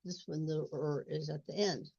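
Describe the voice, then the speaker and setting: A woman's voice: low-pitched, steady tone, normal speed, vocal fry, a little mellow, husky, no room sound. A woman tutoring reading in a step-by-step walkthrough, repeating sounds and words. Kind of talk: instructional screen walkthrough. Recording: dull lo-fi recording.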